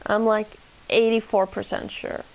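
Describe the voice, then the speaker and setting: A woman's voice: medium pitch, level tone, measured pace, a little mellow, low-quality recording. A woman streamer reading game dialogue aloud and chatting between the lines, in a dramatic, chatty way.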